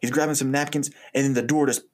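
Chill guy acting out sketch bits, laughs a lot, middle pitch. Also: fairly even intonation, fast talker. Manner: laid-back, laughs a lot, acts out lines. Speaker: comedy writer. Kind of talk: casual brainstorming chat.

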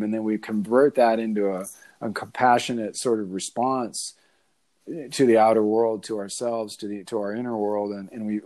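Low mellow guy hosting a chill talk, rambly and thoughtful, lots of you knows. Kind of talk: reflective casual conversation.

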